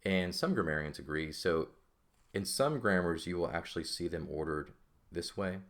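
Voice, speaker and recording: A man's voice: low voice, moderate pace. A man teaching a classical Greek grammar lesson, explaining step by step and often checking in with "right?". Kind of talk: classroom lecture.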